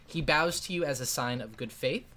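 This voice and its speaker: A man's voice: medium pitch, normal speed, sharp tone. A man narrating a tabletop game as game master in a casual, rambling way with many fillers.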